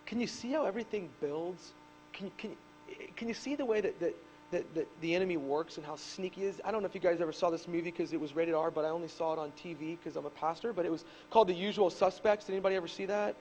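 A man in his thirties preaching a sermon as pastor, telling stories animatedly and rising to shouts on key points. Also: high-pitched, fast talker, a little hiss or hum, rough recording. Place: church.

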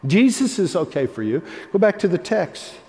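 A male pastor delivering a sermon, swinging between loud, emphatic lines and hushed ones. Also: high-pitched, very animated, moderate pace, gravelly, a little hiss or hum. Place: church sanctuary. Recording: long reverb of a large hall.

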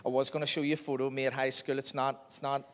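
A young man, telling a jokey, animated story to a young audience as a speaker. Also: medium pitch, rapid-fire. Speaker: youth speaker. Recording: echoey hall with long reverb.

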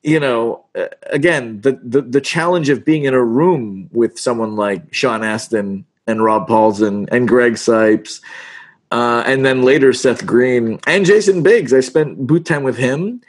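A middle-aged man talks casually with an interviewer about his work in voice acting. He tells his stories in an animated, self-mocking way and performs the lines he quotes. His voice sits at an ordinary pitch for a man. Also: measured pace. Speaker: voice actor guest.

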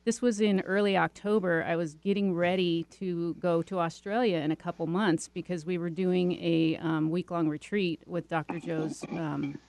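A woman with a lowish voice tells her story in a chatty, rambling way, full of fillers and restarts. The sound is dry and close. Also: steady tone, moderate pace, few pauses, a little mellow, no echo. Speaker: interview guest. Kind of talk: casual storytelling.

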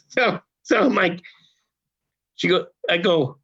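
An older man, an actor guest on a podcast, telling a story in a profane, animated way and acting out the quotes, on a dull lo-fi recording. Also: high voice, very slow, gravelly, pauses often, husky. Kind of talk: casual storytelling. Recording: dull lo-fi sound.

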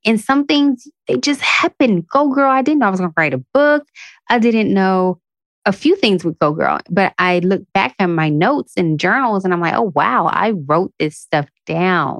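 A woman's voice: mid-range voice, no echo. A woman hosting a podcast, giving an earnest, emotional motivational talk full of affirmations, speaking to her listeners like a friend. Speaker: podcast host. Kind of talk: motivational self-help talk.

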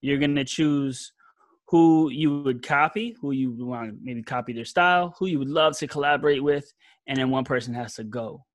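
A man of middle pitch hosting a casual podcast, recorded close and dry. He sets up a recurring game for his guests in an upbeat, easygoing way. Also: moderate pace, no room sound. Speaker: podcast host.

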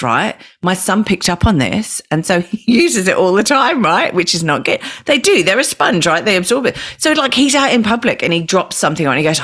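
A woman's voice: on the low side, very animated, brisk, fairly bright tone. A woman from the UK hosting a podcast in casual, chatty talk, often tagging "right?" onto her sentences. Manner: chatty, frequent tag questions. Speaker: podcast host. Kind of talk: casual chat.

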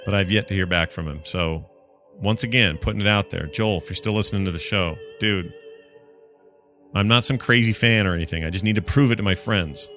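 A man hosting a podcast, chatting casually with an excitable, joking manner. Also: deep voice, fairly quick, faint music behind. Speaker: podcast host.

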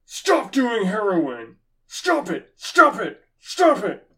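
A man voicing a frantic male pastor who nags and scolds, shouting the same words over and over. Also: high voice, wildly swooping pitch, slow pace, recorded from a distance, voice pushed up, exaggerated voice. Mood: shrill scolding.

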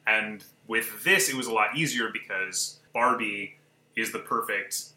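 A man appearing as a guest on a film podcast, talking haltingly and leaning on "like" while he searches for words. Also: on the low side, bright, forceful tone. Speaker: guest writer. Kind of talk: casual film discussion. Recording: echoey room.

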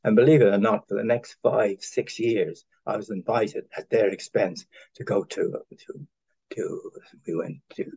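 An older man from Ireland, low-voiced and husky, tells rambling stories as an interview guest. He stops and restarts often, chuckling along the way. The sound is dull and lo-fi. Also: warm tone. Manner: halting, full of restarts and chuckles. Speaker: interview guest, former honorary consul. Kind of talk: rambling anecdotal conversation.

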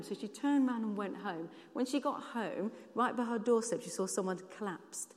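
A woman speaks earnestly from the front of a church hall, at a mid pitch that sits in the middle range for a woman. She tells her stories in a plain, conversational way, and her voice trails off into a long reverb that fills the room. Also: moderate pace, darkish tone. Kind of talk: sermon with personal stories.

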